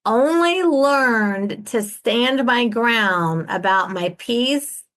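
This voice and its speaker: Emphatic woman in her sixties, fairly high voice. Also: extremely slow. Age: 60s. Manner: animated, acts out other people's lines. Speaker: podcast host. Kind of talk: casual interview chat.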